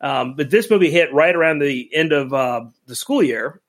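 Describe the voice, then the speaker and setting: A middle-aged man telling a personal story in a casual podcast chat, animated and emotional, acting out quoted lines. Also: fairly high pitch, moderate pace. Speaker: podcast co-host.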